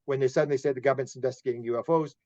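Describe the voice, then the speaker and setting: A man from Canada, a UFO investigator being interviewed, telling animated stories, laughing often and acting out quotes. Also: medium pitch, rapid-fire, dry recording, lo-fi sound. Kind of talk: casual interview storytelling.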